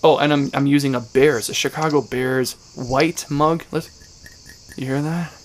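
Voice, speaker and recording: A man's voice: medium pitch, fairly even intonation, moderate pace, a little hiss or hum. A man hosting a casual podcast, joking and teasing his friends as he talks. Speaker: podcast host. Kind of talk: casual banter.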